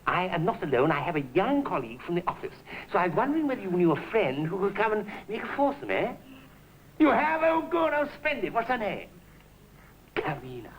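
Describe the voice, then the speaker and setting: A caddish middle-aged charmer, full of clipped, jaunty patter. His voice leaps up and down with lively swings of pitch. It comes through a hissy old television soundtrack. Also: brisk, rough recording. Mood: breezy, scheming. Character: caddish middle-aged English ladies' man, breezy schemer. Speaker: comic lead. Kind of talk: 1960s studio sitcom acting.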